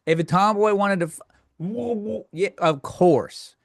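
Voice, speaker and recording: A man hosting a comedy podcast, ranting through a story, jumping up into squealing highs when he quotes himself. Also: normal speed, no room sound, studio quality. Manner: loud animated storytelling, squealing high for quoted outbursts. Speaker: podcast host. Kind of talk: comedic rant.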